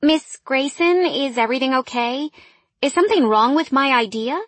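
A woman voicing an eager young female employee who talks high and gushing. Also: animated, normal speed, dry recording.

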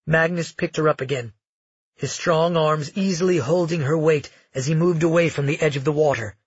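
A man narrating a romance audiobook in a measured, intimate storytelling manner. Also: fairly high pitch, husky, no echo, muffled recording.

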